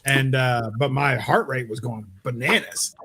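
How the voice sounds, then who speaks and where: A man's voice: mid-range voice, unhurried, sharp tone. A man sharing easygoing, rambling anecdotes in a casual podcast chat.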